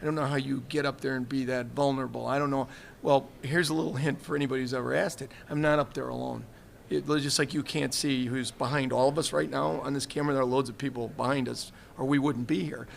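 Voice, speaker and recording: Speaking quickly at a medium pitch, the retired fire chief keeps his intonation fairly even, with a creaky voice and a slight hiss or hum in the audio. His live interview on a trade show livestream set is candid storytelling, earnest and reflective, peppered with quotes from other people.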